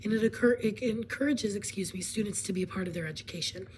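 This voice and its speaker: A woman hoarse from laryngitis, partly whispering as she explains a presentation in a casual way, with fillers and frequent throat clearing. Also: medium pitch, fast, darkish tone, a little hiss or hum, low-quality recording.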